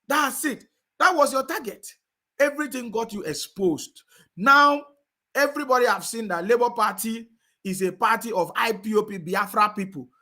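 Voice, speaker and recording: A man rants in a combative, repetitive way, often checking that his listeners follow him. His voice sits high for a man and sounds bright and forceful. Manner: combative, repeats phrases, asks "you understand me?". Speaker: political commentator. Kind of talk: heated live-stream rant.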